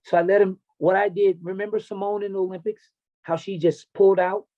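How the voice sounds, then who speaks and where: A man's voice: sits high, level tone, brisk, phone-quality sound. Blunt, profane middle-aged man. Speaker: podcast guest, wrestling and MMA coach. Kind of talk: candid personal storytelling.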